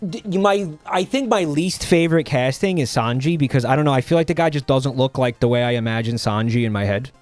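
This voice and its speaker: Talking casually to his chat over soft music, a male streamer stops and restarts his sentences, trailing off with fillers. His mid-range voice is expressive, and his tone is offhand and a little sardonic as he rambles haltingly.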